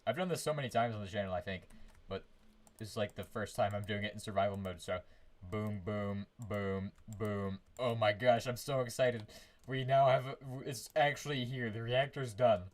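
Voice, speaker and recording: A man's voice: medium pitch, brisk. Rambling man streaming a game. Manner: rambling, hums to himself, frequent restarts. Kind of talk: casual live gameplay commentary. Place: his own room.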